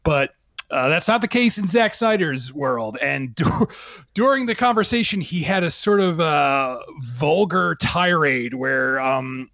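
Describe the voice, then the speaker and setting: A man's voice: on the high side, lively intonation, unhurried, bright, forceful tone, no room sound, highs cut off. A man talking casually on a podcast as a writer, chatty, with many fillers and laughs.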